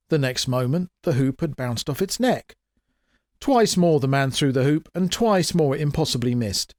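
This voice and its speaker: A man reading his own comic fantasy story aloud in a wry, expressive way. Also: mid-range voice, no room sound, clean studio sound. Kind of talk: dramatic audiobook narration.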